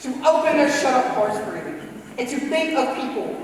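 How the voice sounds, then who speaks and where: A man's voice: very high-pitched, animated, normal speed, a loud crowd. Man reciting a cheerful, eager young nephew. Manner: bright, pleading, eager. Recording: echoey hall from far off.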